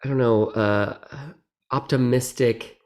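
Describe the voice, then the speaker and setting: A man, a guest actor in a casual interview, who talks in an animated, rambling way with many restarts and laughs. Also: medium pitch, slow. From United States.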